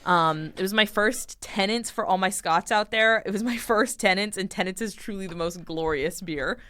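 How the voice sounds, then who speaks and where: Young woman telling a lively story. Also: mid-range voice, normal speed, smooth. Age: young adult. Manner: animated storytelling, acting out quoted dialogue. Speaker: podcast co-host. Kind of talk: casual chat.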